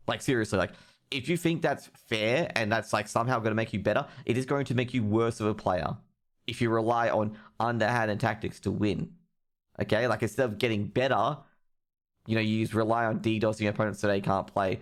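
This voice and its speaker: A man's voice: lowish voice, brisk. A young man hosting a live stream, ranting with heavy profanity about esports news. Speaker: streamer host.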